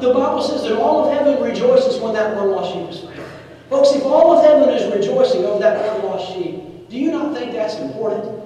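Guy preaching, storyteller, high voice, far off in a big echoey church. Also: lively intonation, a little fast, dark tone. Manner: storytelling, repeats key phrases, asks "Amen?". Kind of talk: sermon. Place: church sanctuary.

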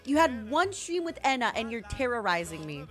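A young woman streaming a video game, chatting casually with viewers in excitable bursts. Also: a little high, brisk. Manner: excitable, yelling and laughing bursts. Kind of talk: casual gameplay commentary. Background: game music.

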